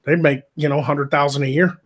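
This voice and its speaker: A man's voice: a little high, steady tone, brisk, a bit bright. A man chatting casually on a podcast, rambling with lots of swearing and restarts. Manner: rambling, profane, many restarts. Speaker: podcast co-host, military veteran. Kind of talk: casual chat.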